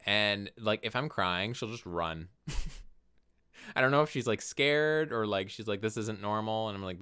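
A young man co-hosting a podcast in casual chat, expressive, often jumping into high playful voices when quoting people. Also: moderate pace, clear, resonant tone. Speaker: podcast co-host.

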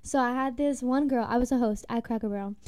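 A young woman, a former restaurant host, telling a work story in casual chat, animated and emphatic. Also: fairly high pitch, fast talker. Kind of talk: casual storytelling among friends.

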